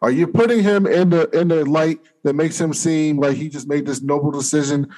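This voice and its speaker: A man's voice: on the high side, steady tone, moderate pace, a little mellow. A man co-hosting a podcast in casual chat, explaining his take in a thoughtful, earnest way. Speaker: podcast co-host.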